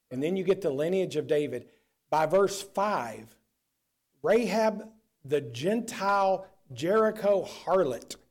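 A man preaching a sermon, swinging between loud declarations and low, quiet asides.

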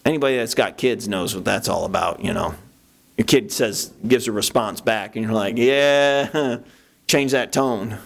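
Animated male pastor preaching conversationally. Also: brisk, gravelly. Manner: animated, acts out his own inner voice in sudden high bursts; conversational, with frequent restarts and "you know". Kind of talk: sermon.

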